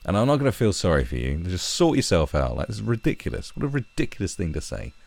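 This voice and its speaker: A man's voice: low-pitched, very animated, fast talker, vocal fry, a little mellow. A man ranting angrily in commentary, swearing and mocking. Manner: angry, sweary rant with mocking put-on voices.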